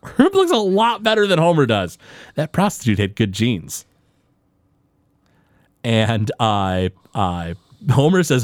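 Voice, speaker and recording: A man co-hosting a podcast, recapping a TV episode in an animated, storytelling way with frequent fillers and restarts. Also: medium pitch, takes it slowly, long pauses, no room sound, clean studio sound. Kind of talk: casual chat recapping a TV episode.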